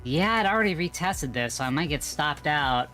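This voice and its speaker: A man's voice: fairly high pitch, animated, normal speed, sharp tone, soft background music. A man streaming live, rambling offhand about his trades.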